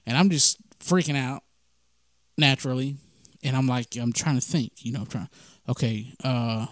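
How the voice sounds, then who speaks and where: A man's voice: medium pitch, no echo, clean studio sound. Man telling a story. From Mississippi, USA. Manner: animated, acts out the dialogue of his story. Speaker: podcast host. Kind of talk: casual storytelling.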